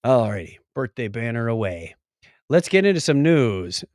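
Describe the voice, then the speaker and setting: A middle-aged man co-hosting a casual podcast, jokey and animated, with sudden loud exclamations. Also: mid-range voice, moderate pace, no room sound, clean studio sound. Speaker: podcast co-host. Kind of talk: casual chat.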